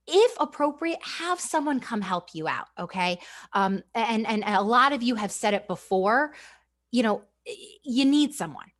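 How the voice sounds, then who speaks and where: Energetic woman presenting a teacher training. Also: mid-range voice. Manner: energetic and chatty, often asks "right?". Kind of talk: live online professional development presentation.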